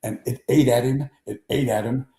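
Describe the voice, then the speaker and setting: An older man hosting a sports talk show, telling stories in an animated, casual way and acting out quotes. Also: mid-range voice, moderate pace. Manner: animated raconteur, acts out quotes. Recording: echoey room.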